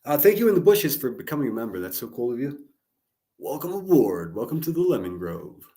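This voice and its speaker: A man's voice: medium pitch, sing-song, fairly quick, dark tone. A man commenting live on a clip for his stream, talking with his chat in a heated, sarcastic, profane way.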